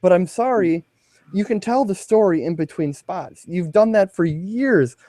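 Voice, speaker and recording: A man's voice: high voice, a little slow, dark tone, dry recording. A man co-hosting a podcast in casual chat, chiming in with short reactions. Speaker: podcast co-host.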